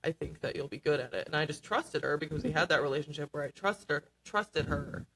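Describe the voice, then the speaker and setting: Earnest halting woman, faint noise. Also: deep voice, fairly bright tone, rough recording. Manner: earnest, halting, many fillers. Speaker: award-winning student scriptwriter guest. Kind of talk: radio interview answers. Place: radio studio.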